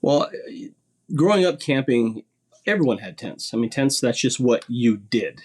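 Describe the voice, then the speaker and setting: A man's voice: medium pitch, animated, a little slow, husky. A man chatting casually as a podcast guest, rambling a little and repeating words as he starts his sentences.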